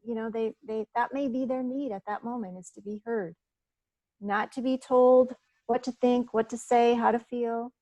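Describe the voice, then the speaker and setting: A woman's voice: fairly high pitch, steady tone, normal speed, dark tone, no room sound, rough recording. A woman giving an informal talk at a business meeting, speaking conversationally with frequent fillers and restarts. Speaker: presenter at a business networking meeting. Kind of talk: informal presentation.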